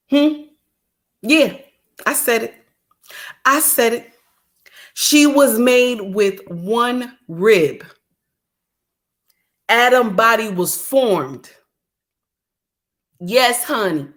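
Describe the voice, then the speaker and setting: Middle-aged woman, fired-up preachy rant, higher voice, unhurried delivery. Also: expressive, a bit bright. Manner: indignant, repetitive, preachy. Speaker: commentator. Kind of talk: ranting monologue.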